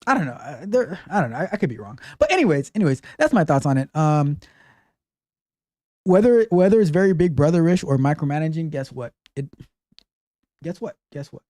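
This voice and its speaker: A male host gives casual advice on a call-in show. His pitch jumps up and down as he drives each point home with emphatic repeats. The sound is dry and close, with almost no room echo. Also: fairly quick. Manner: animated, emphatic, repeats phrases.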